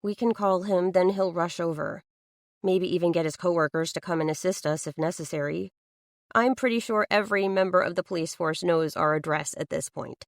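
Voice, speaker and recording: A woman's voice: lowish voice, brisk, dry recording, studio quality. A woman narrating a first-person audiobook thriller, reading an anxious inner monologue in an earnest way.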